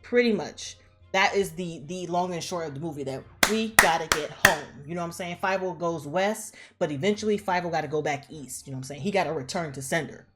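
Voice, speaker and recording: A woman casually retelling a movie plot in a slangy, profane, animated way, acting out the characters as she goes. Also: on the low side, a little fast, faint music behind. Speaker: movie recap vlogger.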